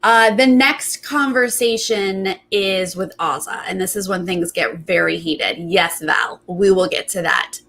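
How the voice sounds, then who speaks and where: A woman's voice: a little slow, vocal fry, hardly any pauses, a bit bright. Chatty woman hosting a TV recap. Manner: chatty, acts out quotes with big pitch jumps. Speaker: reality TV recap host. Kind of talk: casual commentary.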